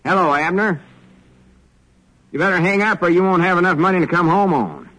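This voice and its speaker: An actor playing a folksy middle-aged country storekeeper, in an easygoing drawl, in 1940s radio acting. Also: male voice, high voice, animated, brisk, pushed and bright, heavily acted, rough recording. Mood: cheerful.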